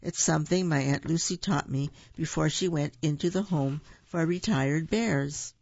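A storyteller voicing a polite, earnest young male bear who loves marmalade, soft and a little gravelly, in a dull, dry recording. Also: mid-range voice, moderate pace, no echo.

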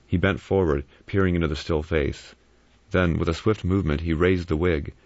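A man narrating an audiobook in a steady, grave reading. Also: deep voice, normal speed, no room sound. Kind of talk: scripted narration. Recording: dry, muffled recording.

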